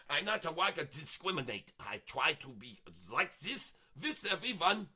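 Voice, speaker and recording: A man's voice: fairly high pitch, very animated, unhurried, sharp tone, slightly rough, heavily acted. A man doing a cheerful put-on voice with broken English grammar and frequent giggles during a live stream. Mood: gleeful.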